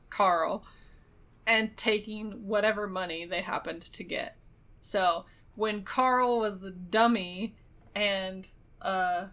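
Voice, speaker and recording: A woman chatting on a podcast, walking through a movie's plot in a loose, rambling way. Her voice sits in a middle pitch with a bright, forward tone. She fills gaps with little fillers as she goes. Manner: rambling retelling with frequent fillers and laughs. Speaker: podcast co-host. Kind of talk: casual movie recap chat.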